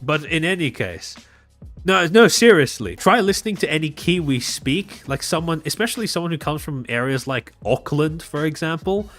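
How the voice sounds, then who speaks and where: An Australian man streams and comments in a dry, mocking way, his pitch bouncing all over as he rambles on. Soft music plays faintly behind him. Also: lively intonation, moderate pace. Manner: sardonic, rambling. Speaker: streamer host. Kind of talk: casual live-stream commentary.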